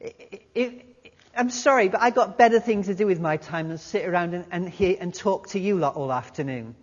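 A blunt, pushy man stumbles over his words as he brushes off the group, as a preacher puts him on. The voice sits a little higher than the preacher's usual talk. The recording is dull and carries a long hall reverb. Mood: impatient. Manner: halting, stammering retort.

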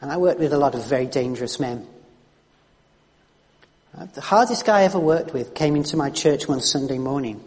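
Preacher in a reverberant church. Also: male voice, mid-range voice, lively intonation, brisk, pauses often, darkish tone. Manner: conversational, restarts and repeats words. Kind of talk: sermon with storytelling.

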